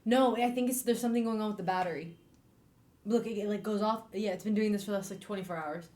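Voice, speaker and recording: A woman's voice: mid-range voice, quick pace, a little mellow. A woman co-hosting a casual book club stream, chatty and laughing often as she recaps the plot. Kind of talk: casual chat. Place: home.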